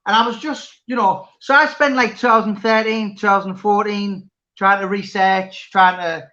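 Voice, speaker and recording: A man's voice: high-pitched, fairly even intonation, moderate pace, hardly any pauses, bright, forceful tone, muffled recording. A man chatting casually as interviewer, rambling with many restarts. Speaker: interviewer and author. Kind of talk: casual chat.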